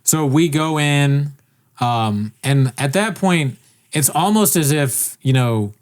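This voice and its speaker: A man's voice: fairly high pitch, slow pace. A man telling a rambling story in casual podcast chat, swearing and acting out what people said. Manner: rambling, animated, swears, acts out quotes.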